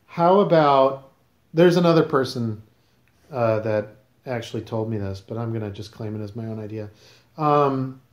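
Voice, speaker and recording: A man's voice: mid-range voice, normal speed, echoey room. A man hosting a casual podcast, questioning his guest in a teasing, mock-serious way. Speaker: podcast host.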